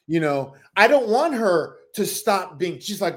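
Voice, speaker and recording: A man with a high, light voice chats about a reality show. He talks animatedly, jumps into other people's lines and swears freely. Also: normal speed, few pauses. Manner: animated, acts out quotes, swears. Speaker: podcast co-host. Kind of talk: casual reality TV recap chat.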